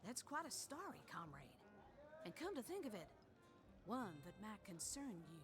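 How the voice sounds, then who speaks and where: A woman's voice: mid-range voice, big pitch swings, normal speed, close to an everyday voice. A woman voicing a hearty Southern retired warrior. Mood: rousing. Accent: Southern American. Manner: folksy, rousing, full of old sayings. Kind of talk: video game voice acting. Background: game music.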